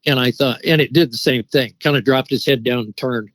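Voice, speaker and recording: A man's voice: mid-range voice, a little fast, a bit bright, no room sound, poor audio. A middle-aged man telling a long story in a casual, rambling way, full of restarts and fillers. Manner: rambling, with many restarts and "you know" fillers. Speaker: guest telling an encounter story.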